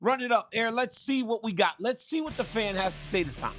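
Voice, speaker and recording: A man co-hosting a casual talk show, telling animated stories and laughing through them. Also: extremely high pitch, fairly quick, soft background music. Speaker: co-host.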